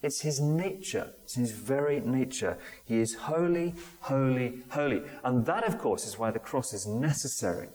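A man giving a conversational sermon, often pausing with fillers and restarting sentences. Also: mid-range voice, animated, a little mellow. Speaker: preacher. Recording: long hall reverb.

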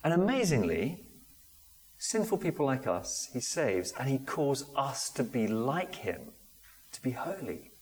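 A man giving a conversational sermon, often pausing with fillers and restarting sentences. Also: mid-range voice, sing-song, darkish tone. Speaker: preacher. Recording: long hall reverb.

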